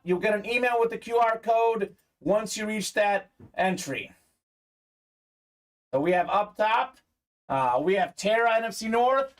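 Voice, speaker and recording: A man's voice: high voice, fairly bright tone. A man hosting a live sports memorabilia break, chatting upbeat with viewers, reading their comments aloud and peppering his talk with "uh".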